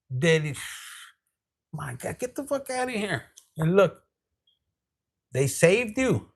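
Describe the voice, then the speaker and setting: Brief: man, tarot reader, high voice, sassy and foul-mouthed. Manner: profane, sassy and rambling. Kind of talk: casual tarot reading.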